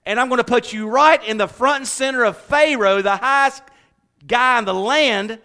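Commanding divine voice, emphatic, proclaiming, male preacher acting it out, high-pitched. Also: sharp tone, exaggerated voice.

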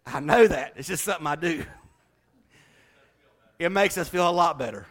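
High, bright-voiced preacher. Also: male voice, animated, normal speed. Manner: preaching with dramatic swings from hushed to shouting. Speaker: pastor. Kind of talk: sermon.

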